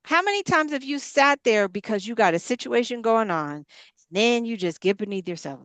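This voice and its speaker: A woman's voice: a little high, animated, moderate pace, no echo. Emphatic woman preaching motivation. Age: adult mother of grown girls. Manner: emphatic and repetitive, building in punchy parallel lines. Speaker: ministry leader and women's coach. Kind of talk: preaching-style motivational talk.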